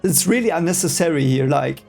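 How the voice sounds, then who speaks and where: A man's voice: fairly high pitch, animated, brisk, vocal fry, darkish tone, faint music behind. A man whose first language is German, casually reading a book aloud for the first time and reacting with rambling, hesitant, exasperated asides.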